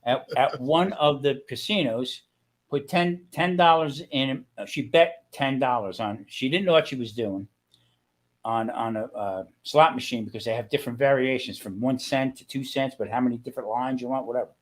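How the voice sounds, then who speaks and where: An older man with a medium-pitched voice at normal speed chats casually on a video call as a guest. He's a rambling storyteller who grumbles and complains.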